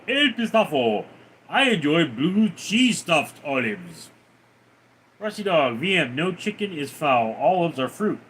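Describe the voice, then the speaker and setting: Lively, slow-talking male streamer. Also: on the high side, a little hiss or hum. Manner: teasing, crude banter. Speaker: livestream host. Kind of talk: casual livestream chat, reading viewer comments aloud.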